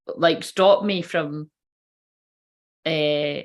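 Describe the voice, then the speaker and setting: A woman's voice: low-pitched, steady tone, very slow. Woman, spiritual reader, casual livestream chat, swears a lot, rambling, giggly.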